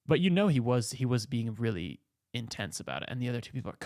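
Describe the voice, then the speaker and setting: Brief: excitable male host doing comedic commentary, gravelly voice. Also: medium pitch, fast, no room sound, studio quality. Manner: excitable, jokey riffing.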